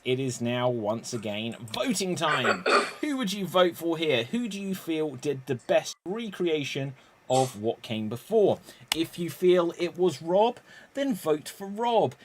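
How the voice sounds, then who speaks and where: A man hosting an improv comedy game with brisk, wry announcements. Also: a little high, slight background noise. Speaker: host.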